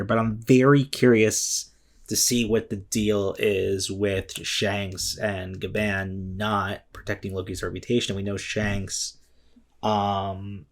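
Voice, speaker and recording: Low-voiced man rambling emotionally. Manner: rambling and emotional, many fillers and restarts, swears. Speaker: vlogger reviewing a comic chapter. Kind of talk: casual spoken commentary.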